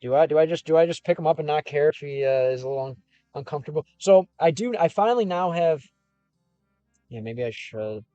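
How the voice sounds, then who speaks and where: A young man from Chicago talks in a slightly high voice, rambling loosely through viewer comments on a casual livestream from his car. His words sound close and dry, with soft music playing faintly underneath. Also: expressive, fairly quick, clear, resonant tone, no room sound, dull audio. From Chicago, United States. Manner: rambling and loose, with frequent fillers and restarts. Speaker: gaming and language streamer.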